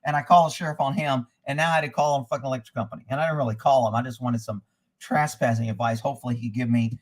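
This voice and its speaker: Racing along in a steady, medium-pitched voice, a man hosting a livestream delivers profane, angry, rambling rants. He reads out viewer comments and where viewers are from.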